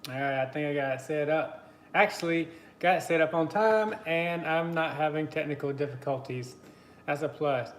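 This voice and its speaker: Guy chatting on his live stream, bit high voice, echoey room, greets everyone by name. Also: moderate pace, a little hiss or hum. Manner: chatty, greets viewers by name, laughs easily. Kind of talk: casual live stream chat. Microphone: computer mic on a live stream.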